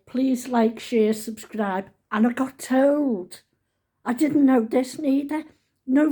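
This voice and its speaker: A woman's voice: a little high, dark tone, husky. A woman in her seventies chatting casually to her followers, rambling and fond. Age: 70s. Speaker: vlogger. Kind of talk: casual chat to camera.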